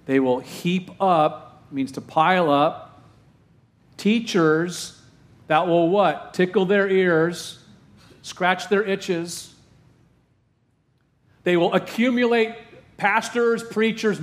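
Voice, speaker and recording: A man preaching from the pulpit in a fairly high voice. He asks question after question, repeats lines for emphasis, and drags out key phrases to drive them home. Now and then he drops in a joke at his own expense. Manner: rhetorical questions, emphatic repetition, dramatic pauses; slows down heavily to stress key phrases. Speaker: pastor. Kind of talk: sermon.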